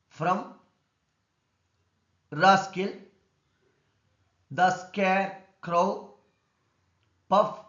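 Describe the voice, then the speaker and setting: A man with an Indian English accent teaching an English lesson on word stress, explaining slowly and deliberately. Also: high voice, fairly bright tone. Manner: slow, deliberate explanation, repeating words and stress rules. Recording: echoey room, dull lo-fi sound.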